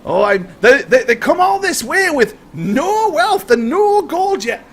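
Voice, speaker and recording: A man's voice: extremely high pitch, big pitch swings, a little slow, voice pushed up, heavily acted. A man voicing a sly, mocking male bandit in a tabletop game, drawling with mock politeness.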